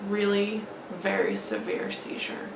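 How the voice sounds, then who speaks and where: A woman vlogger telling an emotional personal story in a halting, grieving way. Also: mid-range voice, sing-song. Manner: halting, grieving, many restarts and fillers. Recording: echoey room with faint background noise.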